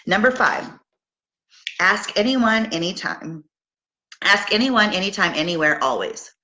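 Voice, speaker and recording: A woman's voice: medium pitch, expressive, unhurried, sharp tone. A middle-aged Canadian woman leading a sales team, giving a casual motivational talk with upbeat coaching and many fillers and restarts. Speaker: direct sales team leader.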